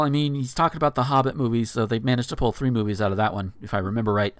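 A man's voice: mid-range voice, fairly even intonation, very fast, clean tone, no echo. A man in his thirties reading a blog post aloud on a podcast, breaking off for incredulous asides with frequent fillers. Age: 30s.

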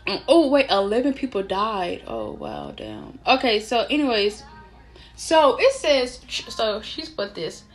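A woman ranting, profane and animated, rambling with lots of fillers and self-interruptions. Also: a little high, unhurried, soft background music. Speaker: vlogger. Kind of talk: casual opinion rant to camera.

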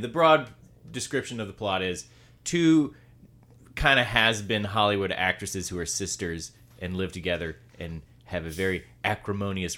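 A man's voice: low-pitched, sharp tone. A man with a Southern US accent hosting a casual film discussion, meandering and often restarting his sentences.

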